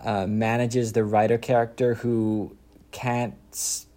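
Relaxed man, mellow dark voice. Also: lowish voice. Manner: rambling, self-interrupting, quick laughs. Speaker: content creator making comedy skits. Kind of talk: casual interview chat.

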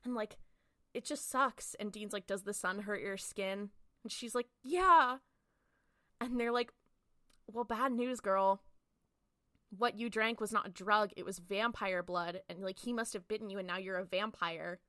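A woman co-host tells the story of a TV episode in a quick, chatty way, acting out each character's lines. Her voice is bright and clear. The sound is close and dry, with no room around it. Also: medium pitch, no room sound. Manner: chatty, animated storytelling with lots of "like" and acted-out quotes. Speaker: podcast co-host. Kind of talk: casual chat recapping an episode.

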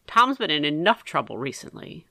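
An impatient, stern father, as a woman puts him on, gruff and short-tempered. The voice is bright with big pitch swings, and the recording is dry and close. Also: very animated, normal speed, dry recording, heavily acted.

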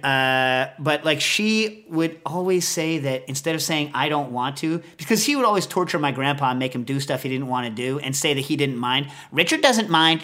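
A man's voice: fairly high pitch, sharp tone. A man hosting a podcast, telling a rambling comic story full of asides. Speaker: podcast host.

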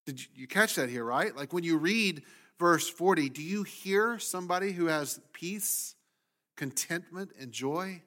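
Man, pastor, sermon, slightly high voice, animated preaching. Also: measured pace.

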